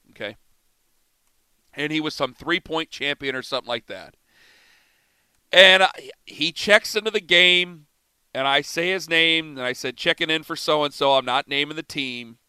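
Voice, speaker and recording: A middle-aged man hosting sports talk radio, telling a story in an animated, self-mocking way. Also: on the high side, moderate pace, clear, resonant tone, dry recording. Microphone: studio microphone.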